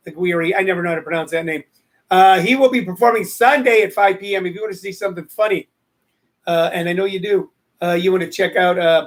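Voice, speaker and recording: A man's voice: high-pitched, fairly bright tone. A man hosting a casual live show, joking and rambling as he answers commenters from the chat. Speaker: show host.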